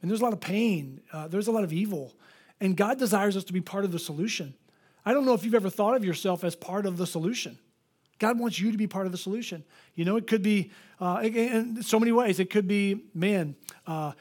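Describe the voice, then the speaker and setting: A man with a bright, high-pitched voice preaches a sermon in a church. He is animated as he tells stories, acting out the voices of the people he quotes. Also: fairly quick. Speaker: pastor.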